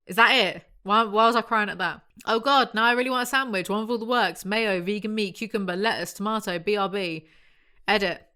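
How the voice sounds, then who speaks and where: A young British woman YouTuber reads a novel aloud, stopping for sarcastic, wry, self-mocking asides and laughing often. Her medium-pitched voice is clean, bright and forceful, and she speaks briskly.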